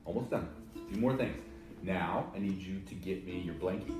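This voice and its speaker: A man's voice: low voice, moderate pace, music in the background. A man giving his pet dog firm short commands and asking it puzzled questions, in an echoey room. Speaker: dog owner.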